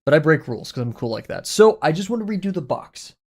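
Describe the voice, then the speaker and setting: A man's voice: a little high, big pitch swings, fast, a little mellow, breathy edge. Chatty young man streaming his drawing. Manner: rambling, self-talking, playful, swears casually. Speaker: art streamer. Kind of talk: casual livestream chat while drawing.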